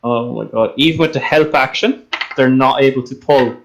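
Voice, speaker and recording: A man's voice: mid-range voice, normal speed, creaky, low-quality recording. A man narrating as game master in a rambling, hesitant way with many fillers.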